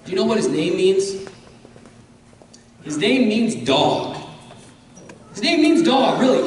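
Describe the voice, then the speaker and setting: High-voiced man preaching in an echoey hall. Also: very animated, unhurried, pauses often, slight background noise. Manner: impassioned, builds to shouting; repeats phrases for emphasis. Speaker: guest preacher. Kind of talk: sermon. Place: church sanctuary. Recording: echoey church hall from far off.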